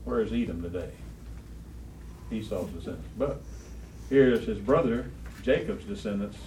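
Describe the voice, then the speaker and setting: A man's voice: on the low side, animated, moderate pace, darkish tone. A man teaching a Bible study class, quizzing the students and repeating key phrases with emphasis. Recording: roomy, distant, faint room noise.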